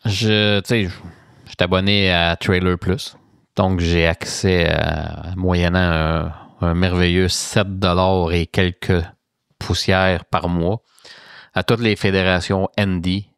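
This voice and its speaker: A low-voiced man with a Québécois French accent hosts a wrestling podcast. He chats casually and rambles, leaning on fillers as he goes. The recording is close and dry, with no room sound. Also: a little slow, fairly bright tone, clean tone, no room sound. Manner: rambling, filler-heavy, chatty. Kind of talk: casual chat.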